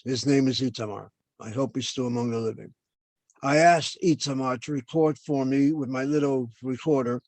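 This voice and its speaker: A man's voice: medium pitch, a little mellow, no echo. An older man lecturing as a professor over a video call, explaining points and then asking and answering his own questions.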